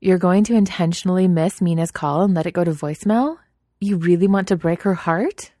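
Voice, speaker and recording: A woman's voice: lowish voice, brisk, warm tone, no echo, studio quality, voice pushed up, close to an everyday voice. A woman voicing a smug, teasing teenage girl gymnast who bosses her friends around. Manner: teasing, bossy.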